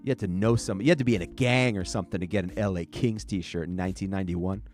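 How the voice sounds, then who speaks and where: A man's voice: sits low, racing, a little mellow, soft background music. Rambling male podcast host telling stories. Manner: rambling, self-interrupting, laughs while telling stories. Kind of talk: casual storytelling.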